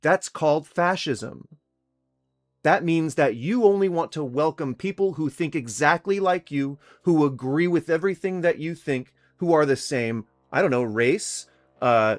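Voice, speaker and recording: A man's voice: fairly high pitch, lively intonation, a little slow. Heated, profane man ranting on camera. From Sacramento, California. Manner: heated, profane and sarcastic, with mock-sympathy. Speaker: vlogger responding to a critic. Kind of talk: ranting direct-to-camera rebuttal.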